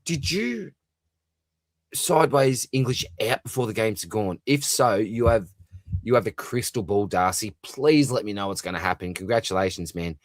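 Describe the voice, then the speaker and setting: Low-voiced Australian man chatting on a live stream. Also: moderate pace, no echo. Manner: chatty, matey, calls everyone mate, lots of fillers. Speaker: fantasy football livestream host. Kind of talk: live stream reading and answering chat comments.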